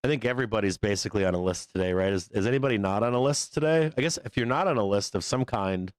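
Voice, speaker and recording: A man's voice: on the low side, fast, clean tone, no echo. Profane, rambling male stream host. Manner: profane, rambling, laughs often. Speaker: livestream host. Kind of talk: casual rant on a live show.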